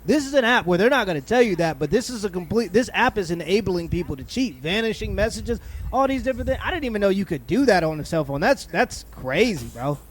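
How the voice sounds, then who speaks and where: A man with a high voice reacts bluntly and throws in slang, keeping it casual and conversational. He talks like someone commenting on a clip for viewers. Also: big pitch swings, fast, slight background noise.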